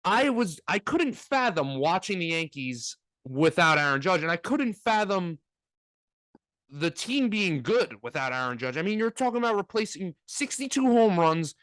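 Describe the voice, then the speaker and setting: A man's voice: sits high, big pitch swings, moderate pace, a bit bright, dry recording. A man co-hosting a casual sports talk podcast, ranting with energy and mocking fans in put-on voices.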